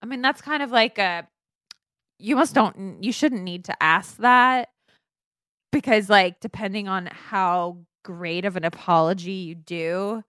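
A woman co-hosting a podcast in casual chat, animated and joking, acting out mock apologies. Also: mid-range voice, measured pace, dry recording, clean studio sound. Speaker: podcast co-host.

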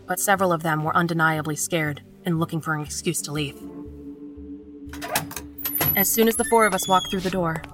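Casting: woman narrator, lower register, steady tense horror read over soft music. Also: distant mic. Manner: measured, tense storytelling. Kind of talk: scripted first-person narration.

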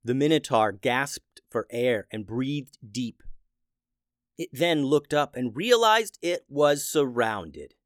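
A man narrating a children's adventure story in a steady, plain way. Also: medium pitch, slow pace, dry recording, clean studio sound.

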